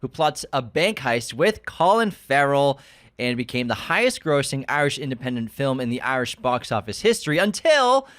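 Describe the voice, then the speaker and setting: A man's voice: mid-range voice, normal speed. A man in a mid-range voice reads off film history in a matter-of-fact way, keeping the podcast chat moving along. The sound is close and dry, with no room echo. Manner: runs through facts and dates in a steady listing way. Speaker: podcast co-host. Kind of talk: casual film discussion.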